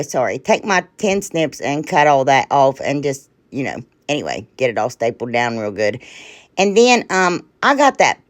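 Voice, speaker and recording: A woman hosting a casual craft tutorial who talks to viewers as "y'all", rambles, trails off and keeps apologizing. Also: sits low. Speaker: DIY crafting channel host.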